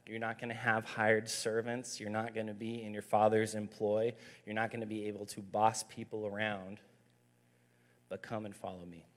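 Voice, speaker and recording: A man in his thirties, a youth pastor, giving a conversational, emphatic sermon with stories. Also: fairly low pitch.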